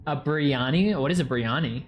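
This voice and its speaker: A young man streaming, chatting casually and excitably as he reacts to videos and reads chat, swearing now and then. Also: a little high, a little fast, breathy edge, dull audio.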